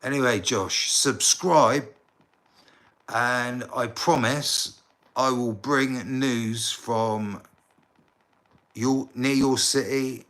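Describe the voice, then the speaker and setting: A man from England, chatting casually on a live stream, rambling and halting, often calling the viewer mate. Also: medium pitch, steady tone, a bit bright. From southern England. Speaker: livestreamer.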